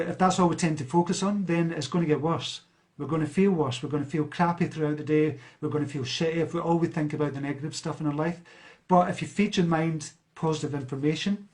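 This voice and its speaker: A self-help speaker from Scotland, from near a large city, reads and answers viewer comments during a live stream. His voice is fairly high and a little mellow, and he chats casually, with fillers and restarts.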